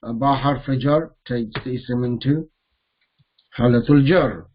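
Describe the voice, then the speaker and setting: A man teaching a grammar lesson, repeating each Arabic term slowly as he mixes it into English explanations. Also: medium pitch, highs cut off, a little hiss or hum.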